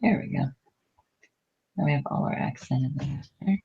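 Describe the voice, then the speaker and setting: A woman's voice: low-pitched, animated, moderate pace, gravelly, warm tone, dull audio. Woman teaching a Spanish class. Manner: patient, prompting with questions, many fillers. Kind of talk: classroom lesson going over exercises.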